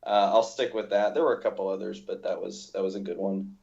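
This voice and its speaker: Male podcast guest, low voice, easygoing and hesitant, muffled lo-fi recording. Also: level tone, a little fast, creaky, darkish tone. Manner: laughs easily, hesitant restarts. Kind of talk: casual roundtable chat. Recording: dull lo-fi podcast audio.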